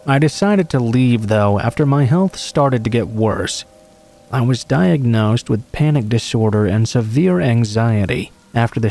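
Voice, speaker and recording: A man calmly reading true horror stories aloud as a scripted narration. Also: medium pitch.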